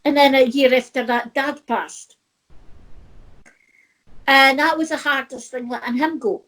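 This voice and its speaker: A Scottish woman in middle age, working as a spiritual medium, shares her own story with heartfelt rambling and frequent restarts. Her voice sits high, with a steady, fairly bright tone and an unhurried pace.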